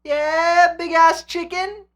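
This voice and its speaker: A man hosting an anime reaction channel, talking casually and excitedly, swearing and swinging between hyped shouts and quiet reflection. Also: very high voice, takes it slowly, faint music behind.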